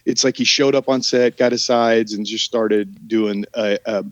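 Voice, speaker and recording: A man's voice: on the low side, fairly even intonation, measured pace, dry recording, lo-fi sound. A man with a Southern American drawl, an actor guest talking in a casual podcast interview, rambling with many restarts and trailing sentences.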